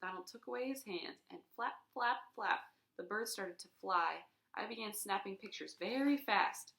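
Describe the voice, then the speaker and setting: Gravelly woman reading a storybook aloud. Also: mid-range voice, moderate pace, hardly any pauses, reverberant. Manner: expressive, sound effects voiced aloud. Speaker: reader. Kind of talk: reading a children's chapter book aloud.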